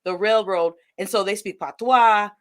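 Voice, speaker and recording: A woman from Detroit with a Detroit Midwestern accent, hosting a podcast interview over a live video call with energetic, expressive talk that mixes in Spanish words. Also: mid-range voice, normal speed. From Detroit, Michigan. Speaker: podcast host. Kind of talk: conversational interview.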